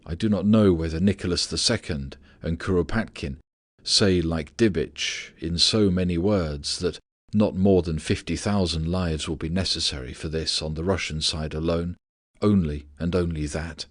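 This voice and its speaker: A man narrating a philosophical audiobook in a measured, steady reading voice. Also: low voice, dry recording, clean studio sound.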